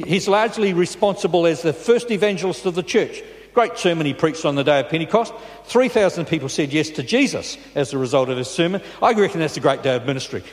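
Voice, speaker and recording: A male pastor delivers his sermon in a loose, conversational style, pausing to check in with the congregation. His voice sits a bit higher than most men's, and it rings with a long reverb from the large church around him.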